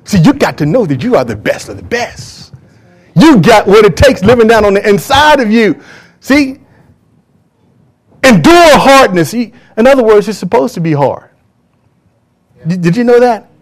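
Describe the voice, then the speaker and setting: A man's voice: sits high, very animated, normal speed, darkish tone. A man preaching a sermon to a church congregation, emphatic and drawing call-and-response from the crowd. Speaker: pastor.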